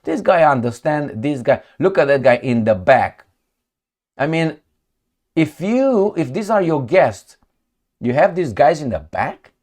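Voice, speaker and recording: A man gives loose, mocking political commentary straight to his viewers. His pitch swings widely as he talks, and he keeps it conversational and sarcastic. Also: very animated, measured pace, a little mellow. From Romania.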